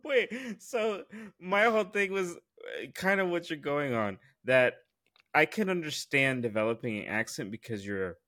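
A man's voice: fairly high pitch, lively intonation, unhurried, pushed and bright, no room sound, clean studio sound. A man co-hosting a podcast in casual banter, playful and often laughing. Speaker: podcast co-host.

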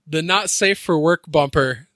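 A man's voice: a little high, a little slow, fairly bright tone, no echo. A man hosting a podcast in casual chat, swearing a lot, laughing often and slipping into mock voices. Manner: profane, giggly, slips into mock voices. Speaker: podcast host.

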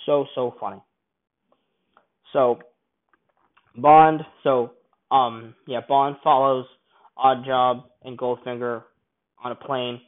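Guy rambling about a movie, keeps restarting sentences, mid-pitched voice, sounds like a phone line. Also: level tone, slow, pauses often. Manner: rambling and enthusiastic, many restarts. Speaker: film reviewer. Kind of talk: casual film review monologue.

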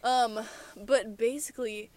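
A teenage podcast co-host tells stories in casual chat, rambling with lots of fillers and restarts. The voice is mid-range and steady, a little slow, with a darkish tone.

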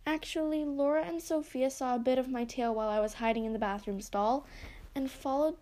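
A woman's voice: high-pitched, fairly quick, dark tone, lightly acted. Storybook teen mermaid girl, hot-tempered and emotional, read by a woman. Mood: upset. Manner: dramatic, emotional outbursts.

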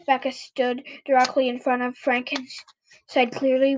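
A woman's voice: sits high, flat delivery, moderate pace, a little hiss or hum. A woman reading a children's book aloud, often stumbling and correcting herself. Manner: frequent stumbles and self-corrections. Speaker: reader.

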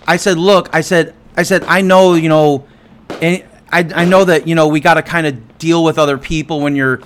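A man co-hosting a podcast, his voice sitting a little higher than most men's. He launches into a heated story, acting out each side of the argument with plenty of swearing. The delivery is loose, repetitive and casual. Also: normal speed. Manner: animated, profane retelling with quoted dialogue. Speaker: podcast co-host.

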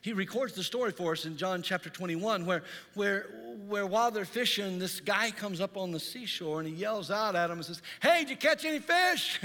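A male pastor preaching a Sunday sermon in a church, telling stories in an animated, dramatizing way. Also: sits high, brisk, few pauses, long reverb tail. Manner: animated storytelling, dramatizes scenes. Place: church sanctuary.

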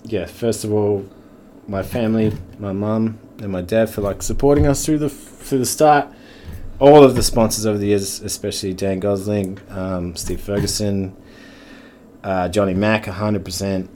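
A man's voice: lowish voice, steady tone, normal speed, mellow. A man, a podcast guest in casual chat who swears often and laughs through his stories. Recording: faint background noise.

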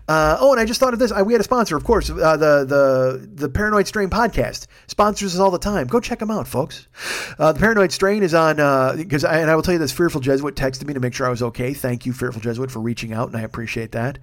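A man's voice: on the high side, quick pace. A middle-aged man hosting a podcast, telling a rambling, profane, self-deprecating story at his own microphone. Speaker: podcast host. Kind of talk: casual storytelling monologue. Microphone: studio microphone.

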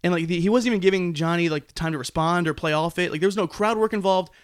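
A man who used to do stand-up comedy, guesting on a podcast and telling stories with deadpan jokes. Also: high voice, clear, resonant tone, no room sound, studio quality. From Connecticut, United States. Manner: fast storytelling with deadpan jokes. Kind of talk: casual podcast chat.

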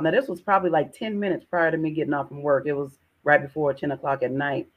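A woman's voice: low voice, steady tone, fast, narrow, tinny audio. A middle-aged woman guest telling an emotional personal testimony in an earnest way, repeating words and often calling the listener "sis". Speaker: podcast guest.

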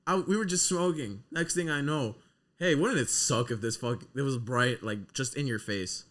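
A young man co-hosting a casual podcast tells stories animatedly, swearing and bursting into loud laughter. His voice sits at medium pitch, and he speaks at a moderate pace.

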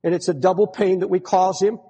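A man preaching a fervent sermon, swinging between pleading cries and hushed, grave tones. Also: sits high, level tone, fairly quick, husky. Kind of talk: impassioned sermon. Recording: long hall reverb.

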